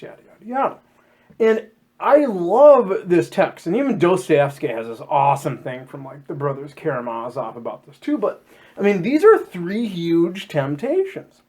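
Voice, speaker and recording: A man co-hosting a casual podcast chat about scripture, jokey and animated, often acting out quotes in silly voices. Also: sits high, slightly rough. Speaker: podcast co-host.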